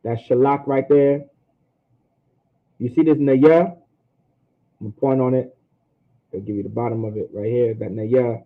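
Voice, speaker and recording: A man's voice: mid-range voice, steady tone. Man teaching over a tinny line. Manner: casual teaching, repeats points, sounds out words slowly. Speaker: language teacher. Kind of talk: online language class.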